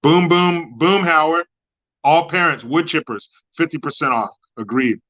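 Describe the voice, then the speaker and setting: Profane, ranting male streamer, bright voice. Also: unhurried, dull audio. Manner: profane, mocking, swings between loud outbursts and low mutters. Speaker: livestream host. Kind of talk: ranting commentary, reading chat.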